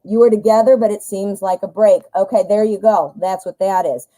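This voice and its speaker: A woman's voice: mid-range voice, fairly even intonation, normal speed, dark tone, poor audio. A woman giving a live-stream tarot reading in a chatty, joking way, calling her viewers hon and my dear. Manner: jokey, self-mocking asides. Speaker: tarot reader.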